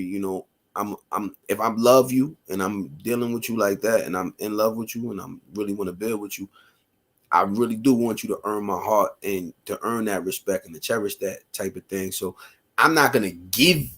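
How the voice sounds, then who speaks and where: A man's voice: lowish voice, moderate pace. A man co-hosting a casual group conversation, easygoing and reflective, reading out game questions. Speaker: co-host.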